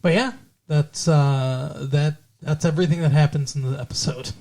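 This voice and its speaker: A man's voice: on the high side, fairly even intonation, moderate pace, vocal fry, mellow. A man hosting a podcast, chatting casually and retelling a TV episode with lots of fillers. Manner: rambling, filler-heavy retelling. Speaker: podcast host. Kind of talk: casual chat recapping a TV episode.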